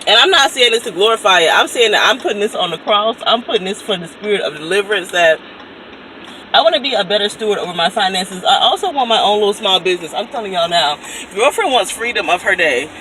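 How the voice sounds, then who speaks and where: A woman's voice: mid-range voice, lively intonation, fast talker, sharp tone, poor audio. A woman, chatting casually and animatedly in a vlog, laughing often. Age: 30s. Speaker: vlogger. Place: outdoors in a city, by a fountain, then in a car. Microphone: phone held at arm's length. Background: street ambience, fountain, traffic.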